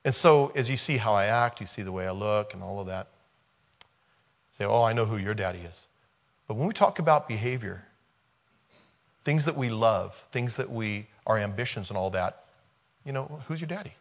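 A man's voice: on the low side, expressive, moderate pace, long pauses. A man preaching a conversational sermon, retelling a film scene and repeating rhetorical questions.

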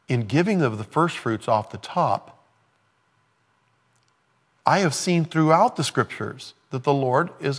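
A man's voice: medium pitch, long reverb tail. Conversational male preacher. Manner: conversational, animated preaching with playful acted asides. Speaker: pastor. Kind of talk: sermon.

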